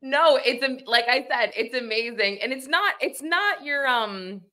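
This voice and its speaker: A woman's voice: sits high, animated, measured pace, sharp tone. A woman hosting a true-crime podcast, talking in a chatty, enthusiastic way with plenty of fillers. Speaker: podcast host. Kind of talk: casual interview.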